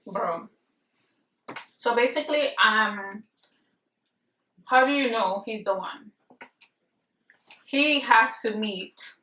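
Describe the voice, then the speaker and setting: A woman's voice: mid-range voice, pushed and bright. A young woman vlogger giving casual marriage advice, rambling with many fillers and speaking bluntly and emphatically. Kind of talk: casual advice chat to camera. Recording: echoey room, voice a bit far from the mic.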